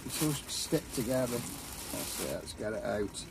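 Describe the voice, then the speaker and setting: A man's voice: on the low side, animated, moderate pace, vocal fry, very noisy. A man chatting casually and matily while cooking outdoors at a campsite. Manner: chatty, matey, rambling. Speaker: vlogger.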